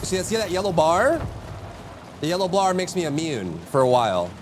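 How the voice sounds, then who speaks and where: Excitable man streaming a game. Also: normal speed, background noise. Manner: excitable, jumps to high yelps and mock insults at enemies. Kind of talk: live gameplay commentary.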